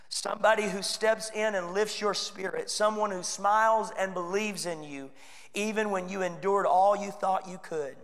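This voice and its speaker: A Texan man preaching in a church sanctuary, his voice sitting fairly high as he talks earnestly and conversationally to the congregation. He acts out little quoted lines along the way. The room's long reverb trails behind every phrase. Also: a bit bright. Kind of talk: sermon.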